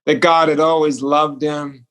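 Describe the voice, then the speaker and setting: Man, guest storyteller, earnest, acts out dialogue, slightly high voice, remote call. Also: little pitch movement, a little slow, fairly bright tone, clear, resonant tone. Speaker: guest, author and speaker. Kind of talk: personal storytelling in a remote interview. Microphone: remote call connection.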